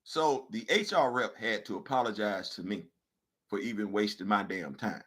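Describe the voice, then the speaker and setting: This podcast host's voice is husky, and he talks at a normal speed while animatedly telling a funny story on his talk show. He shifts from low mutters to loud bursts, repeating phrases to underline them.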